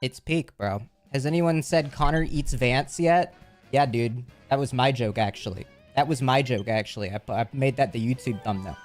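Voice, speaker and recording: Male streamer host, casual chat, medium pitch, jokey rambling reads of chat, faint music behind. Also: normal speed. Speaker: livestreamer.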